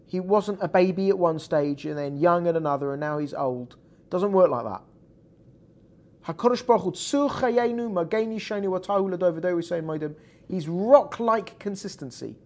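A man's voice: high-pitched, a little mellow. A man teaching a Torah class in an explanatory classroom style, checking in with his students as he goes. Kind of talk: classroom lecture.

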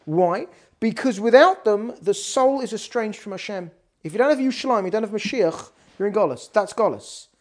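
A woman's voice: mid-range voice, animated, normal speed, a little mellow. A woman giving a weekly Torah class on prayer, talking emphatically with frequent restarts. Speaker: Torah teacher.

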